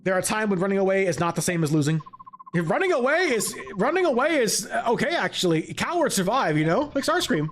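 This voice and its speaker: A man streaming a video game, rambling and joking with chat in a loose, animated way. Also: sits high, a little fast, a little hiss or hum. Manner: animated, rambling, jokey, laughs often. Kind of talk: live gaming commentary.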